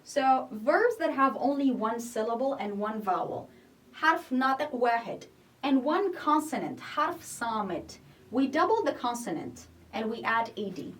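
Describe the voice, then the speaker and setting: A woman's voice: on the high side, sing-song, normal speed, recorded from a distance. A woman teaching an English grammar lesson, explaining patiently, repeating each point and checking in with "okay?". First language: not Arabic.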